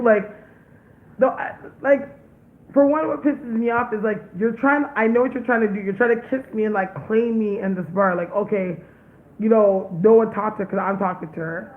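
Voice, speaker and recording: A woman's voice: mid-range voice, moderate pace. A young woman vlogger telling a story in a casual, blunt and profane way, with lots of emphasis. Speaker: psychic medium vlogger. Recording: tinny phone-like sound, faint hiss.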